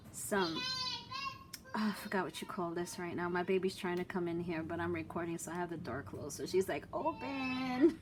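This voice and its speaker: A woman vlogging at home as she opens craft mail, gushing with excitement and gasping at each item. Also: medium pitch, noisy background. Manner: gushing, excited, frequent gasps and exclamations. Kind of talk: casual unboxing chat. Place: room at home with the door closed.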